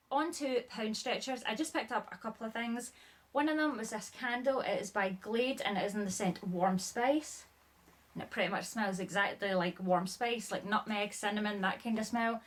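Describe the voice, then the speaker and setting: A woman's voice: on the high side, normal speed. Woman rambling through a haul video, kinda out of breath, says sorry a lot, "like" every other word. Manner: chatty, rambling, apologetic, lots of "like". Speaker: haul vlogger. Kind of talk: casual chat showing items.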